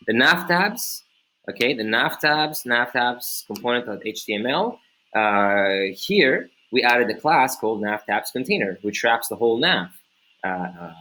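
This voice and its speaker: A man's voice: medium pitch, a bit bright, rough recording. A man hosting a screen-recorded coding tutorial, talking casually to viewers, thinking aloud with many fillers and restarts and asking rhetorical questions. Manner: talks straight to viewers, asks rhetorical questions.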